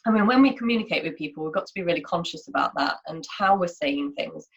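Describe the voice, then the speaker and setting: A woman with a lowish voice gives a casual online lunchtime lesson. She explains in a chatty way, often using fillers and restarting her sentences. The audio is dull and lo-fi. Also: animated, fast talker, creaky. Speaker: workshop presenter. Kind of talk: informal online lunchtime talk.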